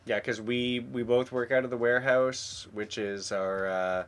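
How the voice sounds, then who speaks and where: A man's voice: medium pitch, fairly even intonation, a little slow, fairly bright tone, smooth. A man co-hosting a casual livestream, upbeat and promotional. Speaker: co-host of auction livestream.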